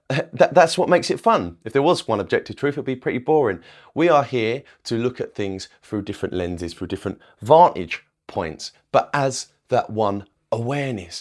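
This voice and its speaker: A young man talks straight to the camera as a spiritual coach, in an everyday mid-range voice. He rambles and repeats himself, and keeps checking in with "okay?" and "right?". He swears casually as he goes. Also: mid-range voice. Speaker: manifestation coach.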